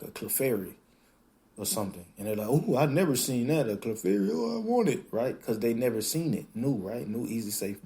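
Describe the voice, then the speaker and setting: Male podcast host, lowish voice, animated off-the-cuff monologue with acted-out quotes. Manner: animated, plays out quoted voices, swears casually. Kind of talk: casual monologue.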